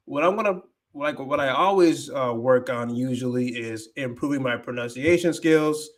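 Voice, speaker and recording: A man hosting a casual livestream, thinking aloud as he talks about his language learning and drops in Spanish phrases. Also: a little high.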